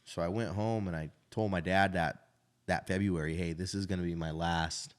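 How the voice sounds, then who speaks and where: He has a low-pitched, steady voice and a moderate pace. He's a thirtysomething restaurant owner from Idaho, recounting his life frankly and casually, with many a "right?" thrown in.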